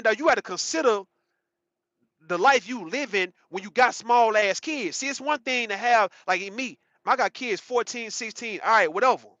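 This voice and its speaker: A man's voice: high-pitched, pushed and bright, no room sound. A man in his thirties giving a rambling, profane, emphatic casual commentary monologue, often repeating himself. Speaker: commentary channel host. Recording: dull, muffled sound.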